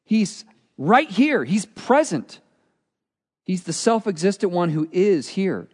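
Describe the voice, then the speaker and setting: A pastor preaching a sermon with earnest, expressive delivery, often dropping to a quiet, intense tone. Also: male voice, high-pitched, slow pace, husky. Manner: earnest, expressive preaching with dramatic drops in volume. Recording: long hall reverb.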